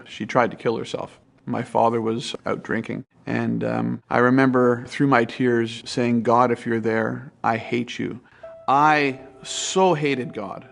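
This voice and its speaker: A man's voice: mid-range voice, gravelly. A middle-aged man giving an earnest, reflective personal testimony about his life. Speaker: testimony speaker.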